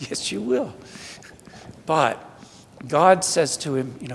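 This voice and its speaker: A man's voice: sits high, expressive, measured pace, fairly bright tone, a little hiss or hum. A man with a Southern American accent gives a conversational sermon as a priest at a church retreat, preaching in a humorous, self-deprecating way. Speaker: priest giving a retreat talk. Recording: long church hall reverb.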